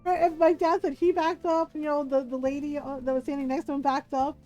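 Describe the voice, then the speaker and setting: A high-pitched woman streamer chats casually as she plays a video game, telling a long story in a loose, rambling way. She leans on fillers like "like" and "right?" and breaks into laughter often. Faint game music runs quietly underneath her voice. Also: level tone, fairly quick. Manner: laughs often while talking. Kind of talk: casual chat while playing a video game.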